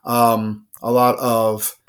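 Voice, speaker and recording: A man casually explaining history in a podcast conversation, quick and conversational with plenty of filler words. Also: medium pitch, completely flat delivery.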